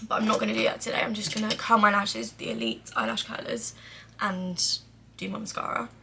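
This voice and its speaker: A woman's voice: mid-range voice, steady tone, brisk, vocal fry, noisy background. A young woman chatting casually while doing her makeup, rambling with lots of "like" and some swearing. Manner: drops to a mutter while applying makeup. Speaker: beauty vlogger. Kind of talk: casual get-ready-with-me chat.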